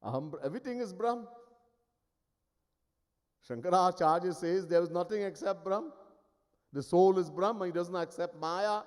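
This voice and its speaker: A man's voice: a little high, smooth. A man giving a sermon as a spiritual teacher. He tells stories in an emphatic, wry way. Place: ashram hall. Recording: long hall reverb.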